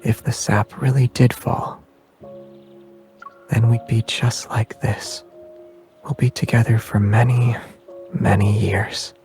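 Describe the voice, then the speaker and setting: An actor playing a calm, gentle young man, with a soft voice and an unhurried, tender way of talking in a game. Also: medium pitch, soft background music. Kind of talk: game voice acting.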